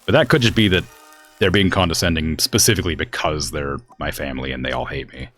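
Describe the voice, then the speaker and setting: Deep-voiced rambling male streamer. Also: fast, a bit bright, faint music behind. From US West Coast. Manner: rambling, filler-heavy, exasperated about family. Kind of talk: casual chat while gaming.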